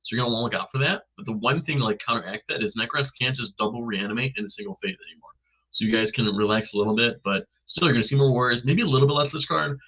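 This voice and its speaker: A man co-hosting a casual live stream, explaining game tactics quickly and analytically. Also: mid-range voice, sharp tone, husky. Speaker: co-host. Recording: dull lo-fi stream audio.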